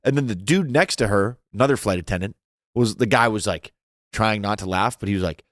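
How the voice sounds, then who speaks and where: A young man hosting a podcast with his friends, talking in a low, relaxed voice. The sound is dry and close-miked. He tells stories loosely, with lots of "like," and pushes his voice up high to mimic other people. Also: fast talker, no echo. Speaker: podcast co-host. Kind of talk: casual chat, storytelling.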